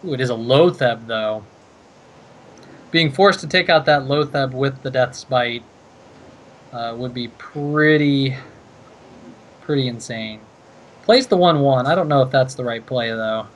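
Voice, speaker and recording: A man's voice: mid-range voice, measured pace, pauses often. A man casting a card game tournament, talking through each play with plenty of thinking-aloud fillers. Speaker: esports caster.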